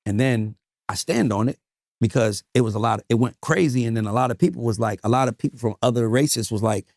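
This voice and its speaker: A man being interviewed, telling stories in an emphatic, animated, profane way. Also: mid-range voice, fairly quick, no room sound, studio quality. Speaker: music manager guest. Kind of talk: casual interview storytelling.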